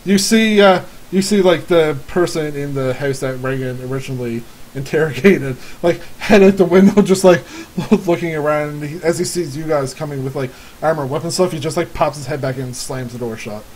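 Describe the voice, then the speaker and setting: A man's voice: a little high, brisk, a little mellow, low-quality recording. A man narrating a tabletop game as game master, rambling with lots of fillers and frequent laughs. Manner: giggly, rambling with many fillers.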